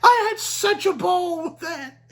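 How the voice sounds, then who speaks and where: A man's voice: very high voice, expressive, unhurried, vocal fry, a bit bright. A man giving a casual spoken video review, gleeful and chatty, laughing often and filling his talk with "like".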